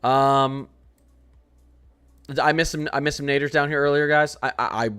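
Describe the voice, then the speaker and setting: A man's voice: on the high side, fairly even intonation, normal speed, fairly bright tone, clean tone, faint music behind. A man hosting a weather livestream in casual chat, joking around and greeting viewers by name. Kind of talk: casual live-stream chat.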